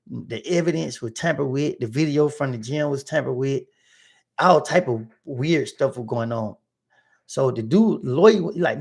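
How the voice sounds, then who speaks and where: A gravelly-voiced man hosting a livestream tells his audience a casual story at medium pitch and normal speed. He is animated, acting out both sides of the arguments, using slangy street vernacular.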